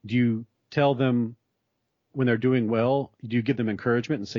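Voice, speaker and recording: A man's voice: mid-range voice, fairly even intonation, moderate pace, darkish tone, no echo. A man in a conversation, explaining ideas at length in a thoughtful way with frequent restarts. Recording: dry, slightly dull sound.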